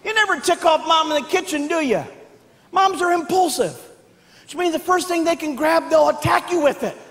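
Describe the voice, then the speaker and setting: A man performing stand-up comedy on stage, telling animated stories and acting out family members in loud, barked voices. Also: very high-pitched, moderate pace. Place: large hall with live audience. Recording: echoey hall with faint background noise.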